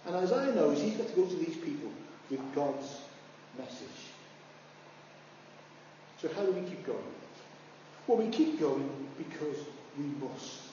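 A man preaching a sermon, animated, climbing high when he acts out voices. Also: unhurried, a little hiss or hum. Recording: far-off, echoey hall, dull sound.

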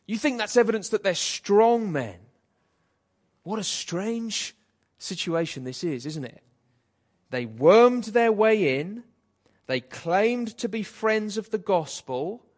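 Animated man preaching a sermon. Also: high voice. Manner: animated, paraphrasing scripture in a lively voice. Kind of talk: expository sermon.

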